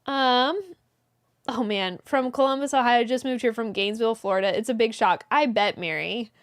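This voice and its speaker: Woman host on a live stream with a high voice, reading viewer comments aloud and greeting each person by name. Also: moderate pace. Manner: greets viewers by name, reads messages aloud, brief laughs. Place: indoors, small closet.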